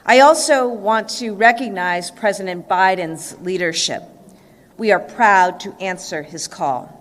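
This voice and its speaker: A woman governor giving a formal press conference speech in a composed, steady way. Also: mid-range voice, a little slow. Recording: long echo in a large hall.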